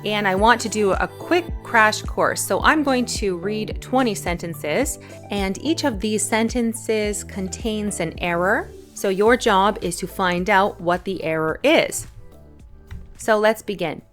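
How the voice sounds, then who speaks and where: Soft music sits under a woman's mid-range, fairly bright voice, which moves at a slow pace. She's an English teacher hosting her own channel, offering a clear, patient online lesson on punctuation.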